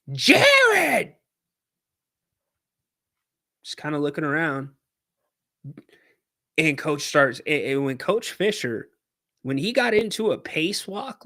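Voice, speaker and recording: A man hosting a podcast, telling a casual story in an animated way and acting out shouted quotes. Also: a little high. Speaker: podcast host.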